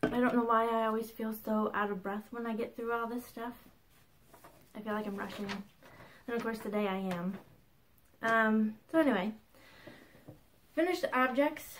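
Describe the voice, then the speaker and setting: Hosting a crafting podcast from her home, a woman in her thirties chats in a bubbly, casual way and often laughs between asides. Her voice is a little high and her pace moderate. The low-quality recording carries a slight hiss or hum.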